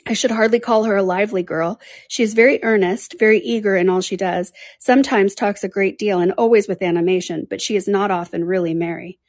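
A woman's voice: medium pitch, fairly even intonation, brisk, few pauses, darkish tone, dry recording, studio quality, natural voice. A woman voicing a composed, sensible elder sister. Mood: calm.

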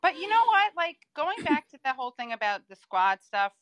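Bright-voiced woman guest, earnest. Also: high-pitched, big pitch swings, normal speed, dry recording. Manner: earnest, hedging, many fillers. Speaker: podcast guest. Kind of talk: casual political chat.

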